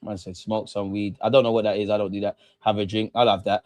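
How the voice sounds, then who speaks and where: A man's voice: little pitch movement, quick pace, a little mellow, no room sound. A young man hosting a casual football live stream, slangy and sweary, reading viewer comments and reacting to them. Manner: slangy, swears freely, mocks comments in high squeaky voices.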